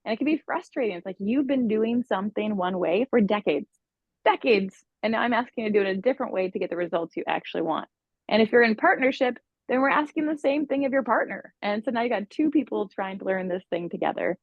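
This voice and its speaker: Woman coach chatting on a podcast, expressive storyteller, dry muffled sound. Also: on the high side, fast, no echo. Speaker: relationship coach. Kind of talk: podcast guest interview.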